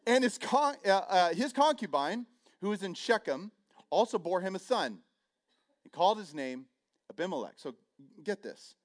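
A middle-aged man preaching a sermon, telling the story with animated energy, acting out voices and joking at his own expense. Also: a little high. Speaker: pastor.

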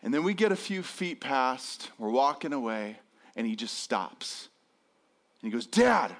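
A man telling a comic personal story to an audience in an animated, self-deprecating way, acting out the dialogue in voices. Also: medium pitch, unhurried.

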